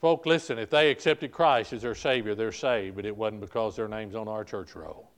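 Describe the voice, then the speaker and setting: A man's voice: fairly low pitch, normal speed. An older man, a pastor preaching a sermon, calling out "folk, listen" and restarting phrases as he presses his points.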